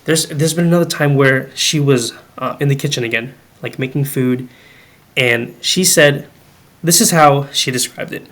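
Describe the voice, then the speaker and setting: A man's voice: mid-range voice, moderate pace. A young man, a podcast guest, telling a family ghost story in casual chat, full of "like" and "um" and acting out the dialogue he quotes. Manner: animated, acts out quoted dialogue; many fillers like "like" and "um".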